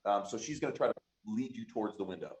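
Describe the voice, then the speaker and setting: A man's voice: fairly low pitch, fast talker, darkish tone. A man narrating a tabletop game as game master in a casual, rambling way. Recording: echoey room.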